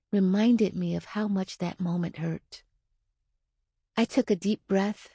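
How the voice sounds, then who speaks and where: A woman narrating her own nonfiction audiobook in a measured, earnest reading on a close studio mic. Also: medium pitch, mellow, slightly rough, no room sound.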